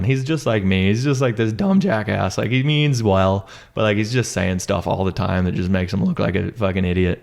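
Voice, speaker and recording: A young man chatting excitedly about a movie, acting out lines in high silly voices. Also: creaky. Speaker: podcast co-host reviewing a movie. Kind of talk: casual chat, retelling scenes.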